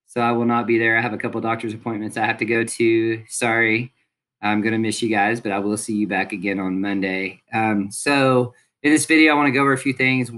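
Young man, teacher, relaxed instructional talk, ums throughout. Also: mid-range voice. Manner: casual, friendly, many ums. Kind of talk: recorded classroom instructions.

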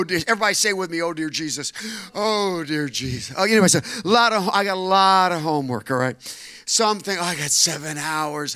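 An older male pastor preaching a sermon, telling a story that builds to shouted preaching. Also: on the high side, clean tone. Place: church.

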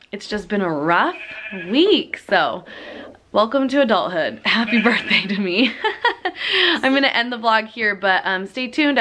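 A woman's voice: on the high side, sharp tone, slight background noise. A young woman in her late teens vlogging in a chatty, giggly way to her viewers, slightly out of breath. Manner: chatty, giggly, addresses viewers as you guys. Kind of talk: casual chat to camera.

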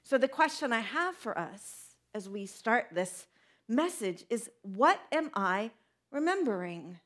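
A young woman pastor, her voice on the high side and a touch slow, preaches in an animated, talk-with-you manner. She peppers the congregation with questions as the sermon unfolds.

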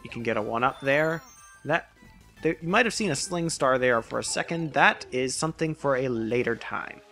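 Lively rambling let's play guy. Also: medium pitch, moderate pace, faint music behind. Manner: rambling, self-correcting, jokey about puns. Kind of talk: casual gameplay commentary.

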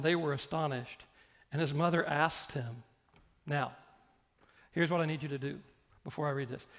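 A male pastor preaching a sermon, repeating phrases and putting questions straight to the congregation. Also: fairly high pitch. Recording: long hall reverb.

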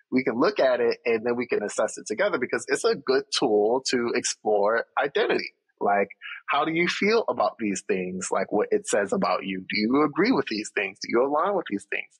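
A man's voice: medium pitch, sing-song, brisk, breathy edge, poor audio. A man, a therapist, talking in a casual chat with a confident, teasing, explanatory manner. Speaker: therapist, guest.

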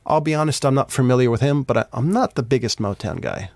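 A man's voice: medium pitch, expressive, fast, creaky, darkish tone, no room sound, clean studio sound. A man hosting a podcast, reading news headlines aloud with casual asides and stumbling over names.

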